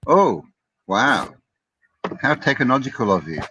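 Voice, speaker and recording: A man's voice: mid-range voice, sing-song, a little slow, noisy background. A man co-hosting a casual live-stream chat, joking around and greeting viewers. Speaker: co-host.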